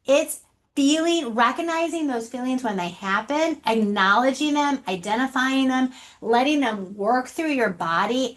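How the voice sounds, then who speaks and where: A woman presenting a leadership webinar on a video call, animated and asking her audience rhetorical questions. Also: a little high.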